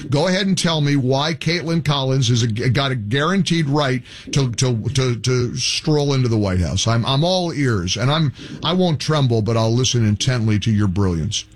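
Sarcastic heated male radio host. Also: mid-range voice. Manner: sarcastic, mocking, heated and argumentative. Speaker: radio talk show host. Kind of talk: combative call-in radio talk.

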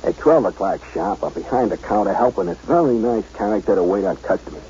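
An actor playing a talkative, wisecracking ex-Marine from Brooklyn with a Brooklyn accent, narrating and leading a 1940s radio drama. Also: male voice, on the low side, lively intonation, fairly quick, mellow, a little hiss or hum, lightly acted. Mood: wry. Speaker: narrator and lead. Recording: dull old radio broadcast.

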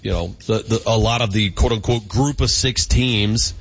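A man hosting a casual sports talk radio show, rambling and animated with many fillers and restarts. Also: on the low side, moderate pace, creaky, soft background music. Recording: dull lo-fi broadcast audio.

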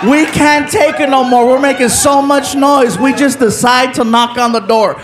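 High-voiced comedian guy, animated stand-up story, crowd roaring, noisy room. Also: moderate pace. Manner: animated, laughing through lines, acting out voices. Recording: loud crowd laughter in a noisy venue.

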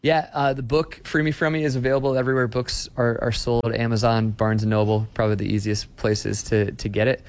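A man's voice: mid-range voice, little pitch movement, fairly quick, hardly any pauses, clear, resonant tone. A man being interviewed as a Christian author, speaking earnestly and emphatically about faith. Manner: earnest, emphatic, paraphrasing scripture. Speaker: author and guest.

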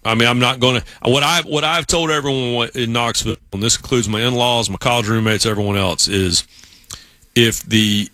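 Man, casual podcast chat, bright voice, dry close sound, animated storyteller. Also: medium pitch, moderate pace, dry recording. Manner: storytelling, acts out quoted voices.

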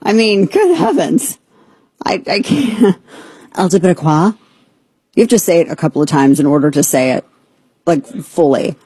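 A woman hosts a talk radio show with a husky, slightly breathy voice. Her commentary is sarcastic and incredulous as she mocks what she hears. The sound is dry and close to the mic. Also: fairly low pitch, animated, normal speed, dark tone, no room sound.

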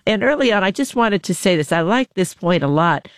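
A playful, chatty host leads the interview, sprinkling in filler words and jokes at their own expense. The voice sits at a middle pitch and is recorded close and dry. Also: lively intonation, brisk, a bit bright, no room sound. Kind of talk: conversational interview hosting.

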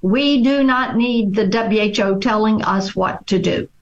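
A middle-aged woman speaks very slowly and deliberately, building her points through long lists of repeated phrases. Her voice sits at an ordinary pitch for a woman. The recording sounds dull and lo-fi. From Tennessee. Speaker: politician guest. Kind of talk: interview answers.

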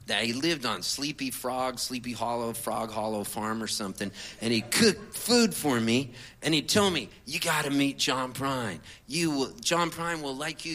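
A middle-aged singer-songwriter with a mid-range voice tells an audience a rambling comic story, speaking in a conversational, animated way.

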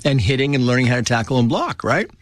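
Animated middle-aged male storyteller. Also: medium pitch, quick pace, a little hiss or hum. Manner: animated storyteller acting out quoted voices. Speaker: guest telling stories. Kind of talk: casual conversation.

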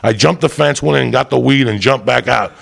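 A man's voice: mid-range voice, brisk, a bit bright. A man telling a rambling, profane comic story, often laughing as he goes. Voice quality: gravelly.

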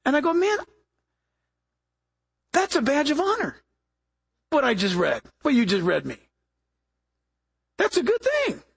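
Animated, husky-voiced male preacher. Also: very high-pitched, a little slow, pauses often. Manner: animated, acts out quoted voices, repeats himself. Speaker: pastor. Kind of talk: sermon.

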